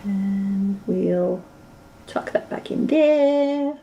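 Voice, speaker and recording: A woman's voice: mid-range voice, animated, extremely slow, gravelly, dark tone, breathy edge, highs cut off. A young woman with a West Australian accent, chatting casually with viewers on a live stream while she crochets. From Western Australia. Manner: chatty and self-deprecating, narrating her hands-on work.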